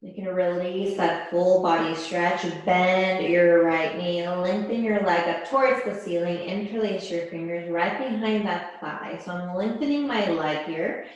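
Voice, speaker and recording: A woman yoga instructor guiding a class, giving slow, calm, soothing cues with pauses. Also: fairly low pitch, muffled recording. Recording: very echoey room.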